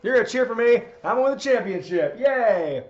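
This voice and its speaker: A man's voice: very high-pitched, animated, brisk, muffled recording, voice pushed up. A man mocking an eager, simple-minded male wrestler boasting in a naive promo. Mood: chirpy.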